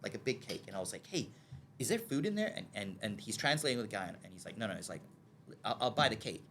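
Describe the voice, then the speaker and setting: On a podcast, a male guest tells a long story quickly in a lowish, lively voice that swoops up and down, with a little hiss or hum in the audio. He plays out the lines of the people involved and keeps asking "okay?" to make sure his listener follows. Excitement makes him stumble and repeat words.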